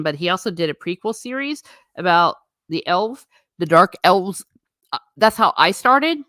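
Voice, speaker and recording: A woman's voice: low-pitched, a bit bright, no echo, studio quality. A woman hosting her own channel, musing alone in her living room in a chatty, rambling way with sarcastic asides. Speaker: channel host. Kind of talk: casual solo musing.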